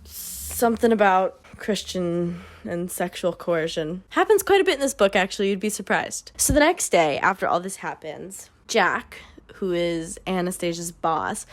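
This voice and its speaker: A woman hosting a book club, giving a casual, sarcastic recap of a novel with dry asides. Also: medium pitch. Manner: sarcastic, dry asides, swings into mock character voices.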